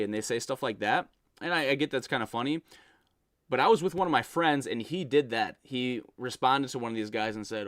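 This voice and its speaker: A man's voice: medium pitch, fairly quick, a bit bright, no echo, studio quality. Exasperated man ranting over viewer messages. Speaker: content creator reading viewer messages. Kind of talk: reaction commentary.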